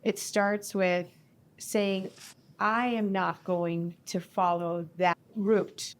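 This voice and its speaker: A woman's voice: medium pitch, fairly even intonation, very slow. A woman speaking on a live panel in a reflective, teacherly way.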